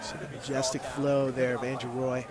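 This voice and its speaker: A man's voice: medium pitch, level tone, normal speed, heavy background noise. A man calling play-by-play sports commentary in short bursts that rise with the scoring plays. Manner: calls the action in short bursts, rising with scores.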